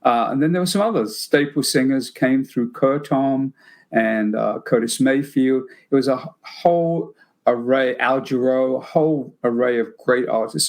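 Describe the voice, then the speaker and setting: Rambling older British-born man. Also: medium pitch. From Britain. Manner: rambling, many fillers and restarts. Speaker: podcast host. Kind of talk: casual anecdotal chat.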